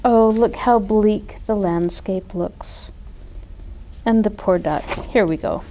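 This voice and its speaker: Taking her time with each line, a woman reads a children's picture book aloud in the manner of a children's librarian sharing a favorite story. Her mid-range voice is mellow and soft-edged, her delivery gentle, expressive and slow, with a slight hiss or hum in the background.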